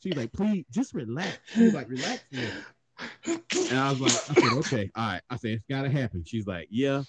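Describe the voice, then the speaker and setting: A man's voice: mid-range voice, animated, quick pace, heavy background noise. A man telling a funny story in a casual podcast chat, swearing often and laughing through it.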